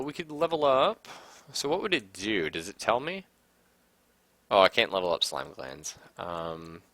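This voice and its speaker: A man's voice: lowish voice, bright, forceful tone, dry recording. A man casually commenting on a game he is playing, reading its text aloud and reacting with sudden outbursts and swearing. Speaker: gaming streamer. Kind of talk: casual let's-play commentary.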